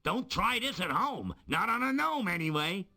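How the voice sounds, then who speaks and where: A man's voice: sits high, sing-song, normal speed, sharp tone, exaggerated voice. An actor playing a small, wisecracking male gnome jester in a video game, telling corny jokes with a self-satisfied air. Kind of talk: voiced video game dialogue.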